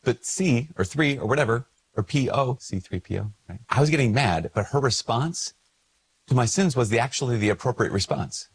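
A man's voice: mid-range voice, expressive, moderate pace, husky. A man who is a Catholic priest, praying aloud and then telling a story in an earnest, conversational way with restarts. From Minnesota. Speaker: Catholic priest and podcast host. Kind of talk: spoken prayer and reflective talk.

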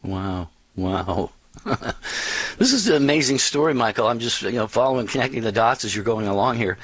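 A male radio show host who reflects on a caller's story, halting often and repeating words. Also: medium pitch, expressive, a bit bright, breathy edge, poor audio. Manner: halting, repeats words, says "you know" a lot.

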